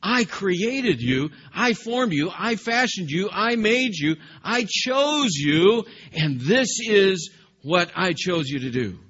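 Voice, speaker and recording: A man voicing a stern, fatherly divine figure in a slow, emphatic parental tone. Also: high voice, big pitch swings, a bit bright, muffled recording, a little hiss or hum, pitched above the performer's own voice, full character voice. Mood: firm.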